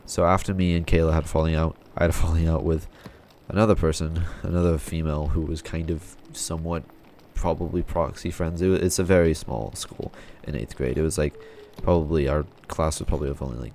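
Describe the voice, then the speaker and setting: A man's voice: rumbling low, a little mellow, slight background noise. A young man telling a personal story in a rambling, frustrated way, swearing often. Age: young adult.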